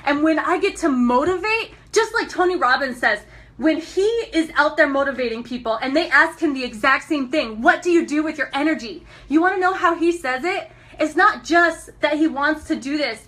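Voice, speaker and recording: A young woman from Montana giving an energetic motivational talk on a live stream, laughing often and calling out to her viewers. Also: high voice, moderate pace. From Montana, USA. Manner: enthusiastic, laughs often, talks to viewers as guys.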